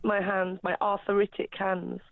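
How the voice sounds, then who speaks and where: A woman's voice: mid-range voice, level tone, vocal fry, no room sound. A woman calling a radio show on the phone, speaking hesitantly and repeating herself as she explains. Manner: hesitant, halting, repeats words. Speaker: caller. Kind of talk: phone-in call. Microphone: telephone. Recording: tinny phone line.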